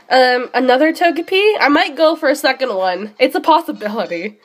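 A woman streamer chatting casually and excitably while playing a game, often pausing on drawn-out fillers. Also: high-pitched, faint music behind. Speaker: streamer hunting shiny creatures in a game. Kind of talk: casual live-stream chat.

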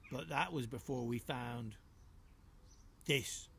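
A man doing a gruff badger boss, sly and persuasive, storybook read-aloud. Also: medium pitch, slow, fairly bright tone, slight background noise. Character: gruff scheming male badger gang leader.

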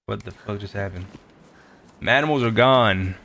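A man streaming a survival game, talking loud and excitable and swearing often. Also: on the low side, normal speed, slight background noise. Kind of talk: casual gameplay streaming.

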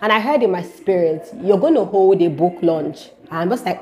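Animated woman giving a testimony. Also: medium pitch, fairly quick, few pauses, highs cut off, a little hiss or hum. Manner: animated storytelling, repeats phrases, speaks directly to viewers. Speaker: vlogger sharing a faith testimony. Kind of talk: casual testimony to camera.

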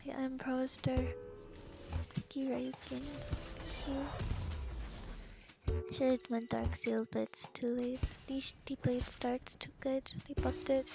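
Gamer woman with a high voice, swearing and venting as she plays, with game music clear behind her. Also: level tone, slow pace. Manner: profane, exasperated running reactions. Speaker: streamer. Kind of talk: casual gameplay commentary.

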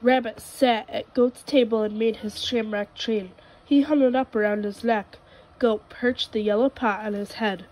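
A woman reads a children's picture book aloud, her voice sitting a little high. She tells the story gently and clearly, at an easy storytime pace. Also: fairly even intonation, unhurried, poor audio. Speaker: storybook reader.

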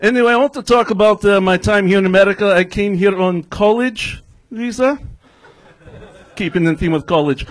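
A man doing a put-on Russian accent as a brash immigrant comic, deadpan in broken English on a comedy club stage. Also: high-pitched, moderate pace, close to an everyday voice. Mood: deadpan boastful. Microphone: handheld stage mic.

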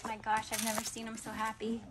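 A woman's voice: on the high side, monotone, fast talker. A woman, a home dog breeder chatting casually and talking in sweet baby talk to her puppies. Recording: noisy home recording.

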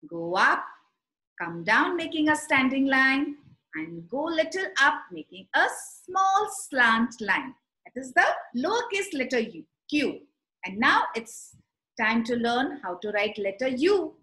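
Animated sing-song preschool teacher woman. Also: high voice. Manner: slow, sing-song and animated, addressing children directly. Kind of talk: storytelling and teaching letters to young children. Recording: echoey room.

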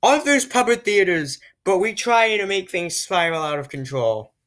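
A woman's voice: mid-range voice, animated, moderate pace, a bit bright. A woman gaming YouTuber giving casual commentary as she plays, chatting and muttering to herself while she picks options.

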